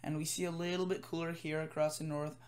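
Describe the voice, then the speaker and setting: A man with a fairly high voice talks through a weather forecast from his computer at home. He sounds tired and rambles, with plenty of fillers and restarts as he walks through the maps. His delivery is casual and unscripted. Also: level tone, fast talker. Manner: rambling, with many fillers and self-corrections. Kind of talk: casual forecast commentary over screen.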